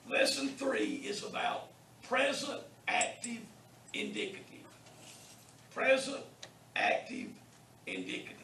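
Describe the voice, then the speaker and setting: Male instructor, slow and gravelly, deliberate classroom delivery, picked up from across an echoey room. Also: very high-pitched, a bit bright. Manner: slow, deliberate, pronounces words for students to repeat. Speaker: Bible college Greek teacher. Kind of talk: classroom lecture. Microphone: distant room mic. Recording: echoey classroom from far off, faint hiss.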